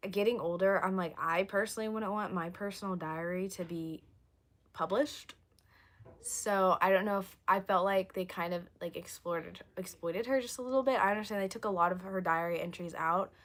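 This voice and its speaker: A young woman chatting on a livestream, rambling and answering viewer comments, her voice going hoarse. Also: mid-range voice. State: losing her voice, coughing. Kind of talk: casual livestream chat.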